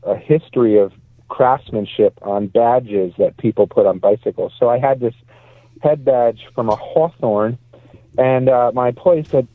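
A man's voice: mid-range voice, unhurried, no room sound. A male pastor calling in as a guest from a parked car, telling chatty stories and laughing easily. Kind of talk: casual storytelling. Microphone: phone call. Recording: tinny phone line.

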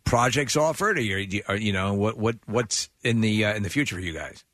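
A male radio host with a bright, forward tone asks his guests questions. His pitch jumps around with enthusiasm, and the close studio mic keeps the sound dry. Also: a little fast, no room sound. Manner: lively, laughing interviewer. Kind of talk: casual radio interview.

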